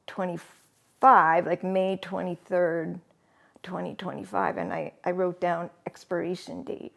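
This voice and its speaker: A middle-aged woman telling a personal story candidly in a halting way, often laughing mid-sentence. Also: on the low side, little pitch movement, gravelly. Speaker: interviewee.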